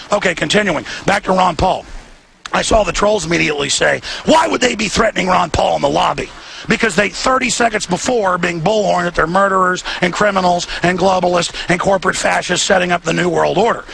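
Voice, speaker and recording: Fired-up guy ranting live outside, super gravelly voice, pushy and high. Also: sharp tone, slight background noise. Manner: fiery, repetitive, ranting delivery. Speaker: radio talk show host. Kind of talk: impassioned live commentary. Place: outdoors near a hotel.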